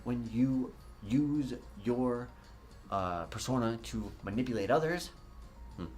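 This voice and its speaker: A man's voice: mid-range voice, animated, slow, a little mellow, soft background music. A man hosting a podcast, talking in a casual, profane monologue full of jokey asides. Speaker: podcast host.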